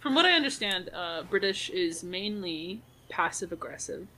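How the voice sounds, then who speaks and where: A woman chats on a podcast in an animated, laughing way. Her voice is bright and sharp, and her pitch leaps up and down as she talks. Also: moderate pace. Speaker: podcast co-host. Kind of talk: casual chat.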